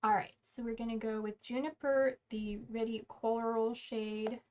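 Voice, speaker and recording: A woman's voice: fairly high pitch, level tone, a little slow. Chatty woman doing her makeup live. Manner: chatty, rambling, self-correcting. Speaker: beauty livestream host. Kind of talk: casual get-ready-with-me livestream chat. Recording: slightly dull lo-fi sound.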